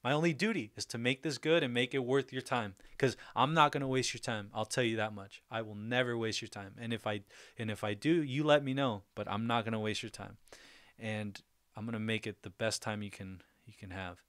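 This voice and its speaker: A man's voice: mid-range voice, a little fast, fairly bright tone, no room sound, studio quality. A young man hosting a livestream, chatting casually and upbeat, laughing often as he reads out viewer comments. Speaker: livestream host.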